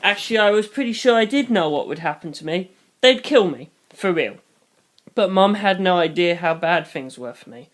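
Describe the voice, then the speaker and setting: Deadpan first-person story reader, middle-pitched. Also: normal speed. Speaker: channel host reading a fan novel aloud.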